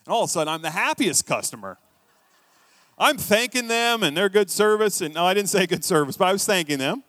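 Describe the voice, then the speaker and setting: Storytelling pastor with a dry close sound. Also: male voice, a little high, expressive, brisk, no echo. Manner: conversational storytelling preacher, swings between quiet asides and emphatic bursts. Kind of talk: sermon.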